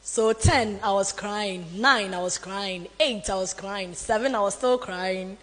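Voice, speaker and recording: A woman with a Ghanaian English accent, a newscaster telling an animated, dramatic story about her career. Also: medium pitch, unhurried. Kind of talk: motivational storytelling talk. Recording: long hall reverb.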